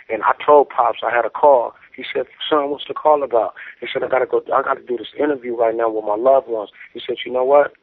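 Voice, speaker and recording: A man's voice: mid-range voice, no echo. A man calling in by telephone, talking in emotional slang and fighting back tears. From San Francisco Bay Area. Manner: emotional, preachy slang-heavy. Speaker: guest rapper. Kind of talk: phone-in shout-outs. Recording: dry tinny phone line.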